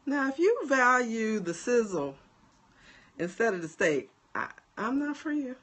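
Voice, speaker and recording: A woman's voice: on the high side, unhurried. A woman from New Jersey with a New Jersey accent, a life coach chatting casually and bluntly to her viewers. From New Jersey, USA. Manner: blunt, animated, talks straight to viewers with frequent laughs. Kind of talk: casual livestream chat to viewers.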